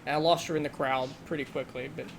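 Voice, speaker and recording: Relaxed game master, lots of ums. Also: male voice, fairly high pitch, fast, gravelly, a little hiss or hum. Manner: relaxed, filler-heavy narration. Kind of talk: narrating a tabletop game.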